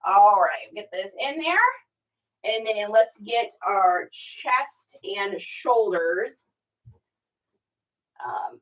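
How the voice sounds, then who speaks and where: Speaking to viewers on a livestream, a female clothing reseller passes along listing tips in a chatty, conspiratorial way, using lots of fillers. Her voice is medium in pitch with a fairly bright tone, though the audio sounds dull.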